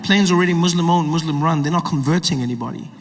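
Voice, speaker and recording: High-voiced male comedian in a big hall. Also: fast talker. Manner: storytelling, self-mocking, acts out scenes. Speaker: stand-up comedian. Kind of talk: stand-up comedy set. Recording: reverberant hall with background noise.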